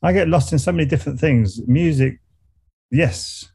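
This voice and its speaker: A middle-aged Englishman with a Surrey accent, a meditation coach and musician, is a guest in a casual interview. His slightly high, a little mellow and slightly rough voice moves at a moderate pace as he reflects and rambles, often restarting and laughing.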